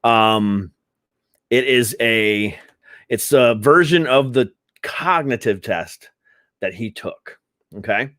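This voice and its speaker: A man's voice: medium pitch, slow, pauses often, fairly bright tone, no echo, studio quality. A man hosting a live stream, giving sarcastic, rambling commentary with laughs.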